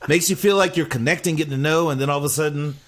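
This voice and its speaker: A man's voice: fairly high pitch, racing. An American man co-hosting a podcast, giving blunt, opinionated takes in casual chat. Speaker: podcast co-host.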